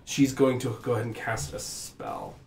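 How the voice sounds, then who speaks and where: A man narrating as game master in a tabletop game, pausing often with fillers. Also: mid-range voice, wildly swooping pitch, gravelly, darkish tone, roomy sound, soft background music. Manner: halting, hesitant, many fillers.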